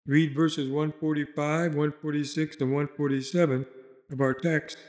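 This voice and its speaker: A man's voice: a little high, flat delivery, moderate pace, darkish tone. Earnest man delivering a sermon. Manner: earnest, exhorting. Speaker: preacher. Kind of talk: read-aloud sermon.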